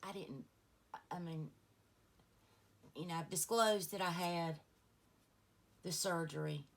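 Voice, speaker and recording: A woman's voice: on the low side, slow pace. A middle-aged woman, chatting through a get-ready-with-me beauty vlog and rambling through stories with many asides. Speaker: beauty vlogger. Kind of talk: casual get-ready-with-me chat.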